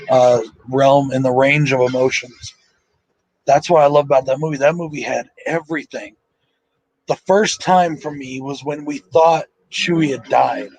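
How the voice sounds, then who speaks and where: A man's voice: a little high, a little hiss or hum, low-quality recording. A man hosting a casual live movie commentary, tired and sleepy, talking in a rambling, emotional and profane way with lots of fillers.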